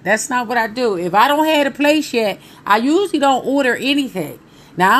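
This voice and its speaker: A woman in her thirties telling viewers a personal story in a casual, animated way, talking straight to them. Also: a little high, a little hiss or hum.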